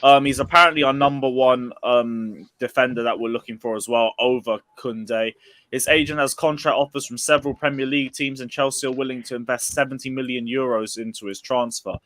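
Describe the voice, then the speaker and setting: A man's voice: medium pitch, a little fast, no echo. A man hosting a casual football livestream, chatting with guests and reading out viewer messages. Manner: relaxed, reads out viewer messages.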